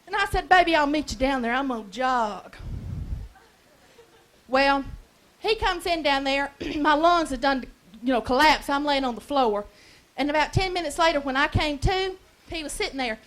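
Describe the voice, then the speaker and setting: Woman, Southern US accent, stand-up comic, very high voice, bright and punchy delivery, brash folksy stories. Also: animated, moderate pace. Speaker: stand-up comedian. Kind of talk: stand-up comedy routine. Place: comedy club stage.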